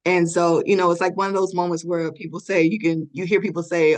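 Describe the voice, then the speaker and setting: A woman's voice: lowish voice, level tone, a little fast, hardly any pauses. Middle-aged woman, interview guest, earnest storytelling, lots of ums and little laughs. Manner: earnest, many fillers and soft laughs.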